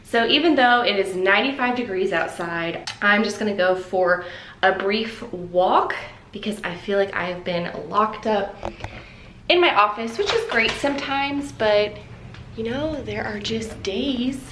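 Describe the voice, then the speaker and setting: A woman's voice: medium pitch, measured pace, fairly bright tone, roomy sound, slight background noise. A young woman vlogging casually to camera, chatty and upbeat as she talks through her day. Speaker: vlogger and author. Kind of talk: casual vlog talk to camera. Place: home office and outdoors on a walk.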